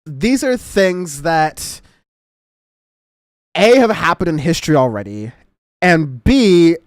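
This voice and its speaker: A man's voice: a little high, big pitch swings, takes it slowly, no echo, studio quality. Chatty man hosting a politics show. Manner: rambling, laughing, self-interrupting. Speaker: show host. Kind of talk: casual political commentary chat.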